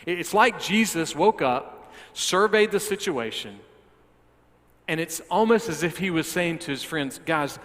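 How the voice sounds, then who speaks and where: A man's voice: a little high, expressive, unhurried, a bit bright. A male pastor preaching a sermon, often repeating words as he restarts and putting direct questions to the listeners. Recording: long hall reverb.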